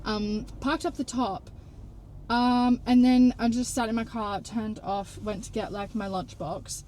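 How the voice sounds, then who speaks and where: A woman's voice: on the high side, measured pace, slight background noise, poor audio. A young woman telling a story in casual chat, acting out the dialogue and swearing now and then. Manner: chatty, animated, acts out dialogue, swears casually. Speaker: vlogger. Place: in a parked car.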